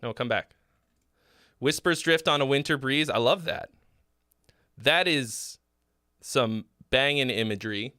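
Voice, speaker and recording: A man's voice: medium pitch, measured pace, pauses often, sharp tone, no echo, clean studio sound. A man hosting a casual livestream song critique, talking frankly and loosely with swearing and lots of fillers and restarts. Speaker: host giving song feedback.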